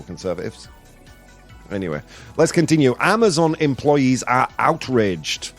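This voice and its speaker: A male show host giving live commentary on the news, exasperated and ranting, stopping to read viewer comments aloud. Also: mid-range voice.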